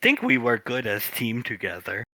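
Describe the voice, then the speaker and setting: Man playing a blunt broken-English character, bright and animated delivery, improvised game role-play. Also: mid-range voice, moderate pace, heavily acted. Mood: cheerful. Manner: clipped broken-English phrasing.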